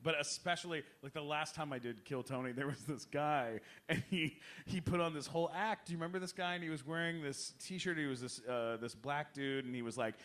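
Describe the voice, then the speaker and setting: A young man on a comedy podcast telling stories with lively acted-out quotes. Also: a little high, fairly quick, hardly any pauses. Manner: animated, acts out quotes with big voice swings. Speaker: guest comedian. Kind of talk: casual storytelling.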